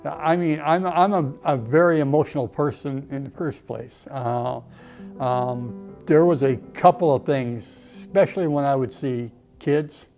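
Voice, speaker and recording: A man's voice: medium pitch, measured pace, darkish tone, soft background music. An older man, an Army veteran, reminiscing emotionally in a documentary interview, often saying "okay" and "you know".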